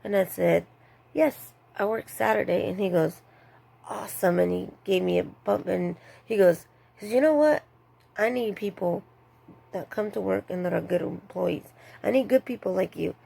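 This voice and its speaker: Woman with a raspy fry in her voice, chatty vlog, does the voices of people at her store. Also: normal speed. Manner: animated, acts out others' lines with higher pitch. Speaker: retail store worker. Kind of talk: casual storytelling vlog.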